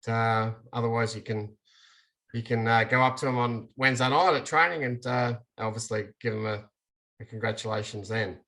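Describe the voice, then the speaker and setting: A man's voice: medium pitch, fairly even intonation, normal speed, bright, forceful tone. A man hosting an umpires' online meeting, hesitant with many fillers and encouraging. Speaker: umpires' coach running the meeting. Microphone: video call.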